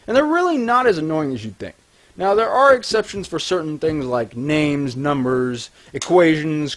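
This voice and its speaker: A man narrating a language tutorial, scripted and deliberate, slowing down to enunciate example sounds clearly. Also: fairly high pitch. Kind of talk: scripted instructional voice-over.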